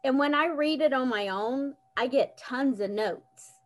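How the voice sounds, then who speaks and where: A woman in a casual group chat, speaking in a thoughtful, unhurried way. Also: sits high. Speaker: book club member.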